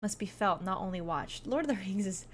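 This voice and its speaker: A woman's voice: mid-range voice, expressive, a little fast. A woman streamer chatting casually, reading out her viewers' messages and laughing often as she thanks them.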